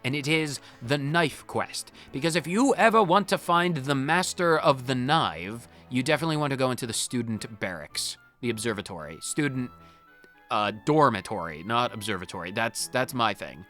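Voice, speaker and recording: A man's voice: mid-range voice, expressive, normal speed, pushed and bright, soft background music. A man hosting a game playthrough, reading game text aloud and making playful jokes. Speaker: let's-play host. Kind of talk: game commentary.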